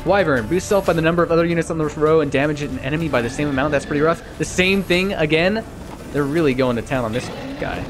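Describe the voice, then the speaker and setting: A man streaming a video game, thinking aloud in a casual, self-mocking way and getting easily excited. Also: a little high, quick pace, music in the background. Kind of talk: casual let's-play commentary.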